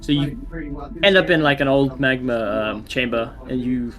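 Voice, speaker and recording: A man's voice: medium pitch, moderate pace, over music. A man narrating as dungeon master in a tabletop game, talking with many restarts and fillers.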